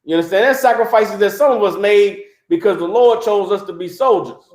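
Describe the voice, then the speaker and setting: A man preaches on a livestream in a high, light voice. He talks in an animated, mocking way and keeps checking in with his listeners. The sound is roomy and echoing. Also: a little fast. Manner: animated, mocking, repeats "You understand?". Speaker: religious teacher.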